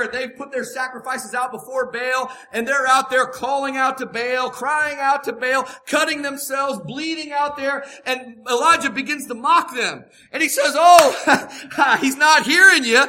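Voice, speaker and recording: A man's voice: extremely high pitch, steady tone, moderate pace, hardly any pauses, bright, forceful tone. A man preaching a sermon, emphatic and repeating his key phrases for weight.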